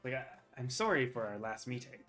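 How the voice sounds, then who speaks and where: A man voicing an excitable, injured male mage mentor in his forties who rambles eagerly. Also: mid-range voice, brisk, soft background music. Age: 40s.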